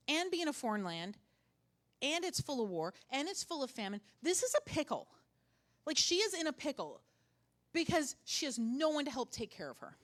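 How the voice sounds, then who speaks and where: A woman's voice: sits high, a bit bright. A middle-aged woman pastor preaching a sermon in a conversational way, with joking asides and phrases repeated for emphasis.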